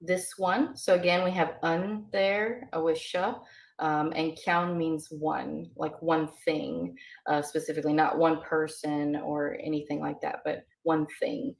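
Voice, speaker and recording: A woman's voice: sits low, fairly even intonation, unhurried, vocal fry. A woman teaching beginner vocabulary in a casual, hesitant way, with many ums and uhs. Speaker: language teacher. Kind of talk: casual lesson explanation.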